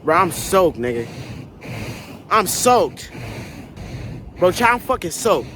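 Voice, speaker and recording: Brief: young male vlogger, slightly high voice, cussing and hyped, phone mic with loud storm and car noise. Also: fairly quick. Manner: profane, excitable, talks straight to his chat. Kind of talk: casual vlog talk to viewers. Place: outdoors and in a car during a snowstorm. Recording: noisy storm and car sound.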